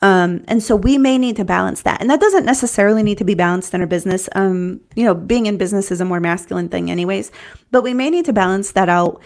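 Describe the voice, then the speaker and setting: A woman's voice: medium pitch, fast, a little mellow. Earnest woman business coach talking. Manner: earnest, conversational, repeats and restarts, says "right?". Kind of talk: teaching talk to camera.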